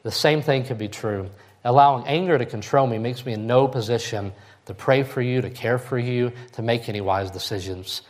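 A man delivers a sermon as pastor. His voice sits in an ordinary middle pitch, and he preaches in a folksy, conversational way, often checking in with the congregation. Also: normal speed. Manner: folksy, conversational preaching with frequent "all right?" check-ins.

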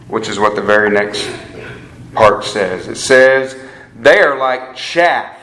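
A man's voice: lowish voice, slow pace, a bit bright, a little hiss or hum. A man preaching a sermon to a live group in an earnest way, repeating phrases for emphasis and calling his listeners guys. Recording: echoey room with faint ambience.

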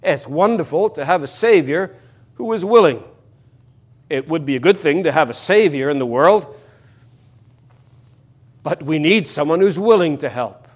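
Brief: male preacher, fairly high voice, earnest and emphatic, hammers home repeated lines. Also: expressive, moderate pace, long pauses. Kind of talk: expository sermon.

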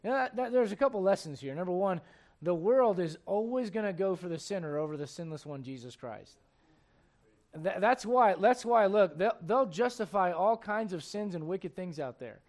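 A man preaching a sermon, chatty and repetitive with asides to the listeners, swinging from hushed tender passages to loud shouting bursts. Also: high voice, animated, normal speed. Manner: repeats words, folksy asides to the congregation.

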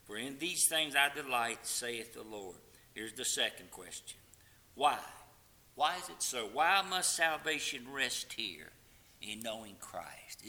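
A man preaching a sermon with passion, swinging from loud pleading to quiet, hushed lines and sometimes singing hymn verses. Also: mid-range voice.

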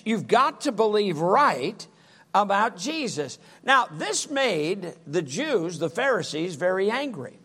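A male preacher delivering a sermon, reading scripture in an emphatic, drawn-out way. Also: high-pitched, very animated, fairly bright tone, slightly rough.

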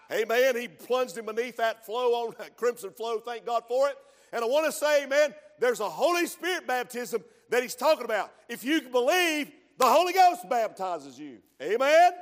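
A man's voice: extremely high pitch, big-room sound. A man preaching a fervent sermon, punctuating his points with frequent amens.

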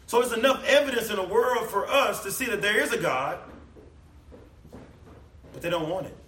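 A man preaching a sermon in a church hall, emphatic, swinging between loud declamation and low quiet passages. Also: moderate pace, distant mic, slight background noise. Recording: echoey room, voice from off the mic.

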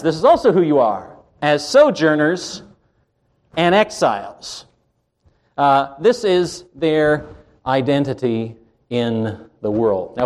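A man preaches a sermon with a slightly high-pitched voice. He speaks slowly and deliberately, lifting his voice on key words and dropping nearly to a murmur on others. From Canada. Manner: slow, emphatic preaching with wide swings in pitch and loudness. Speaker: pastor.

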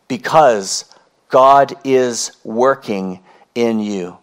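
A man preaches as pastor in a slightly high, animated voice, earnest and full of emphasis. He returns to key phrases repeatedly and swings from slow, elongated words into quick runs.

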